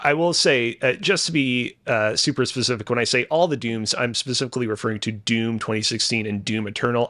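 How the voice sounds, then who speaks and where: A man's voice: mid-range voice, fairly bright tone, no echo, studio quality. A man co-hosting a casual gaming podcast, rambling and hedging with lots of fillers. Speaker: podcast co-host.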